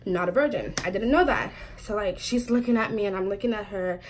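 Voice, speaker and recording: A woman in her twenties telling a storytime vlog, talking quickly and chattily with lots of "like" fillers and frequent laughs. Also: medium pitch, noisy background. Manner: chatty and fast, full of "like" fillers, laughs often. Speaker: vlogger.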